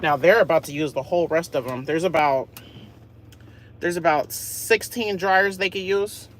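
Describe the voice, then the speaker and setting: A woman live-streaming from a laundromat on her phone, giving a nosy, gossipy running commentary and often dropping to a hushed voice. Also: fairly low pitch, moderate pace, a little hiss or hum. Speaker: vlogger.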